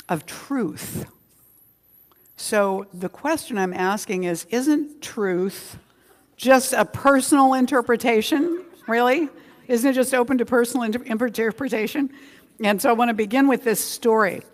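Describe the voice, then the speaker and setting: A woman minister giving a conversational Sunday sermon, drawing out key words for emphasis. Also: mid-range voice. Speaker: senior minister. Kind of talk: Sunday sermon with a joke story. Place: community center hall. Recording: long hall reverb.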